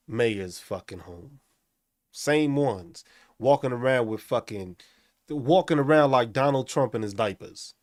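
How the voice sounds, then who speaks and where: A man's voice: mid-range voice, lively intonation, a little slow, darkish tone, no room sound, studio quality. A man hosting a profane, angry rant, mocking the people he talks about. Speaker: host. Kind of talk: profane ranting commentary.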